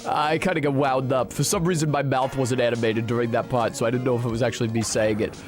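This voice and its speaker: A streamer casually talking over a video game, in an animated, chatty and profane way. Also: male voice, mid-range voice, quick pace, shouting, faint music behind.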